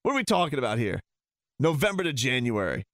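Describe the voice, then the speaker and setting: A man's voice: medium pitch, big pitch swings, fast talker, a bit bright, no room sound. Guy on a heated sarcastic sports rant, voice all over the place, dry close sound. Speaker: sports talk host. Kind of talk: ranting sports commentary.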